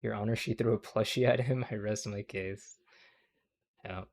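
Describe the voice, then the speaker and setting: A man's voice: on the low side, steady tone, normal speed, vocal fry, darkish tone. A young man hosting a livestream, reacting to clips in casual, profane commentary. He rambles, keeps tagging lines with "okay?", and laughs at his own jokes.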